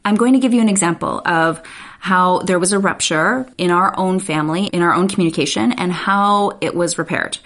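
A woman's voice: lowish voice, brisk, a bit bright. A woman in her thirties hosting a podcast. She gives family communication tips in an earnest, encouraging way and often checks in with a "right?". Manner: earnest, encouraging, speaks straight to listeners with frequent "right?". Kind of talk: warm advice podcast talk.

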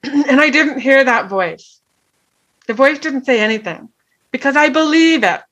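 A woman's voice: sits high, animated, moderate pace, sharp tone. A middle-aged woman telling a personal story in an earnest way, often checking in with "right?". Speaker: guest.

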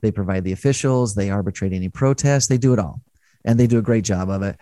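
A man's voice: on the low side, quick pace, dark tone, no room sound, studio quality. Upbeat chatty middle-aged man hosting. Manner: upbeat and chatty, jokey asides. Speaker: host. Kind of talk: casual studio chat. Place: studio.

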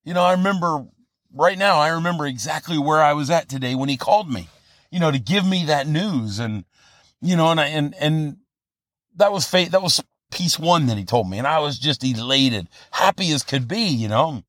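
Man, 50s, podcast host, earnest rambling storyteller, fairly high voice, dry close sound. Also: lively intonation, normal speed, a bit bright, no room sound. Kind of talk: casual motivational monologue.

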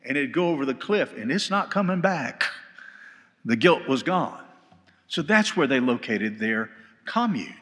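A man teaching a Bible study in sermon style, telling stories with animated delivery, recorded live in a church hall. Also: medium pitch, measured pace. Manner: animated storytelling, shouting quoted lines.

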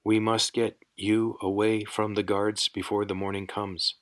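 A man's voice: lowish voice, little pitch movement, a little slow, dry recording, voice pushed up, natural voice. A man reading an audiobook, voicing a male messenger on a recording who speaks in clipped, urgent phrases.

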